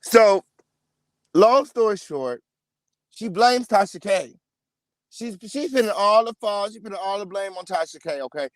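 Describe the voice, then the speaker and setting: A man's voice: sits high, expressive, measured pace, pauses often, dry recording. A man giving casual celebrity gossip commentary, profane and emphatic, repeating lines for effect.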